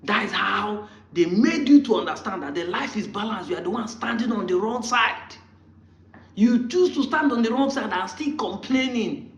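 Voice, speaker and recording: A man's voice: sits high, lively intonation, normal speed. A man with a Nigerian accent giving a combative monologue, firing off rhetorical questions at his critics. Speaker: online commentator. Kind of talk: argumentative monologue. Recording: roomy, muffled lo-fi sound.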